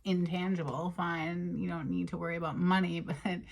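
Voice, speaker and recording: A woman giving a casual tarot card reading, chatty and emotional, sometimes dropping into breathy half-whispers. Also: fairly low pitch, steady tone, normal speed, slight background noise. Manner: chatty and emotional, with frequent fillers and soft laughs. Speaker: tarot reader.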